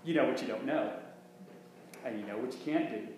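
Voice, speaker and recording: A man's voice: mid-range voice, fairly quick, pauses often, a little mellow. A male minister preaching a conversational sermon, full of restarts and rhetorical questions. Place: church sanctuary. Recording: very echoey church room with faint hum.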